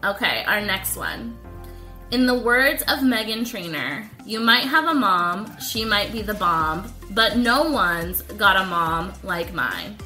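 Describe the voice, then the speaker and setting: A woman co-hosting a podcast, chatting and reading listener messages, sentimental and quick to laugh. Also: medium pitch, big pitch swings, pushed and bright, faint music behind. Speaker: podcast co-host.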